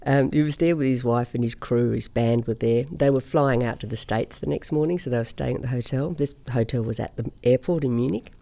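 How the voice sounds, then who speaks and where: A woman from Australia, a singer, telling stories in a relaxed interview chat. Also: rumbling low, fairly quick, creaky, few pauses. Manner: chatty anecdotal storyteller, laughs often. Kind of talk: conversational interview storytelling.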